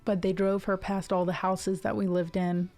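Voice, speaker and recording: A woman's voice: medium pitch, level tone, normal speed, darkish tone, faint music behind. A woman in her twenties with a neutral American accent, chatting to a live stream audience in a rambling way, full of tangents and fillers. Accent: neutral General American. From Ohio, USA. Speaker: music streamer. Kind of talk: casual chat to a live stream.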